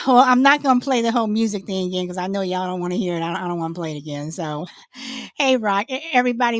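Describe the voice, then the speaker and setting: Woman host, casual chat, laughs a lot, higher lively voice, dry sound. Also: normal speed, dry recording. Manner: laughs often, chatty and repetitive.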